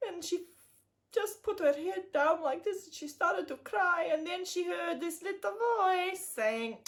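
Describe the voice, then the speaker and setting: A woman telling a fairy tale to children, expressive, with sound effects and chatty asides. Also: very high-pitched, a little slow. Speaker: children's storyteller. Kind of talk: animated storytelling for children.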